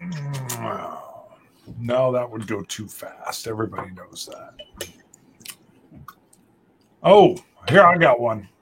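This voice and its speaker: A man chatting casually at a tasting, telling a lively story and acting out other people's voices. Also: medium pitch, takes it slowly, gravelly, pauses often, a little hiss or hum. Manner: animated storyteller, acts out quoted voices. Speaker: tasting panelist. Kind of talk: casual chat.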